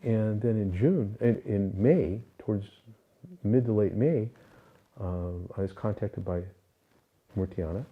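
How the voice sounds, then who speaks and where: A man's voice: lowish voice, slow pace, pauses often, husky, phone-quality sound. An older man being interviewed, recounting personal spiritual experiences in an earnest, reflective way, with many fillers and restarts. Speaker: interview guest.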